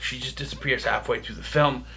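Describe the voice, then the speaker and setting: A man's voice: mid-range voice, steady tone, brisk, pushed and bright. A man casually reviewing a film for a vlog, rambling and chatty with lots of fillers and restarts. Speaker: movie reviewer.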